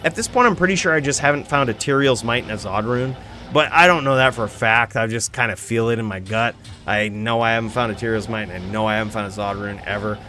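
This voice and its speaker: A male streamer hosting a live show, talking in an excitable, rambling, profane way about the game he plays. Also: medium pitch, fast talker. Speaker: streamer host. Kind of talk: casual live-stream chat.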